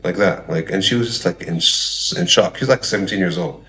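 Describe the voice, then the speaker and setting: Deep-voiced man rambling casually. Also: fairly quick, bright, forceful tone, rough recording. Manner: rambling, peppered with "man" and "like", swears freely. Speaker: vlogger. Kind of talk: casual storytelling monologue.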